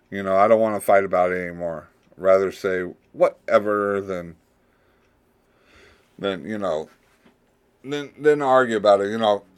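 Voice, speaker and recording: Slow, low-voiced male podcast host. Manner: rambling, with sudden loud playful slang voices. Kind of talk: casual podcast monologue.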